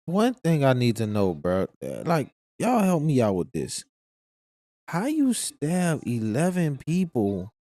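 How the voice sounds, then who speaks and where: A man with a New Orleans accent hosting a livestream, reacting to news in an incredulous, slangy, animated way. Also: medium pitch, slow pace, dry recording. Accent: Southern US, New Orleans. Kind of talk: casual livestream commentary.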